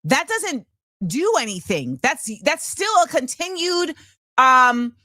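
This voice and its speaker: A woman host in her thirties delivering an impassioned commentary monologue, emphatic and forceful, with repeated rhetorical phrasing. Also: high voice, big pitch swings, slow pace, no room sound, clean studio sound.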